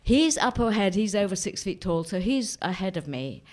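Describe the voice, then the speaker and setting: A woman's voice: mid-range voice, big pitch swings, moderate pace. A woman telling a personal anecdote in a vivid, dramatic way, often repeating herself. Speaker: storyteller.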